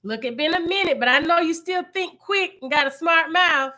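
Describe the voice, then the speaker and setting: Loud, chatty, bright-voiced woman vlogger. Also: extremely high pitch, moderate pace. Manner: chatty, loud and animated, with frequent laughs and repeated phrases. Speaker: channel host. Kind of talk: casual live-stream chat with viewers.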